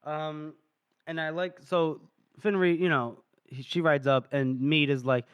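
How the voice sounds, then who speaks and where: A chatty man co-hosting a book podcast, retelling scenes in a fairly high voice. His talk is loose and casual. The sound is dry and close. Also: level tone, measured pace, smooth, dry recording. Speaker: podcast co-host.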